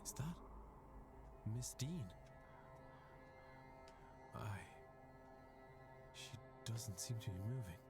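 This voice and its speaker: An actor voicing a wary adult male investigator in a haunted manor, speaking in a hushed, measured way in game dialogue. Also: medium pitch, animated, loud music behind the voice. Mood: cautious. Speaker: game protagonist.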